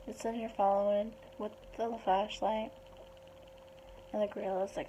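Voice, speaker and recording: A woman retelling a picture book story aloud in a chatty, animated way. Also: medium pitch, moderate pace, long pauses, slight background noise, low-quality recording. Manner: chatty, animated, puts on small voices for the animals.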